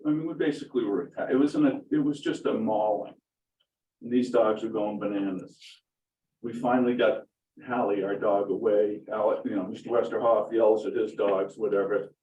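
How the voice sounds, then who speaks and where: A man's voice: on the low side, steady tone, normal speed, mellow, muffled recording, slight background noise. A middle-aged man giving public comment at a town board meeting, talking emphatically and with indignation, and repeating his points for stress. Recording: roomy distant meeting-room audio.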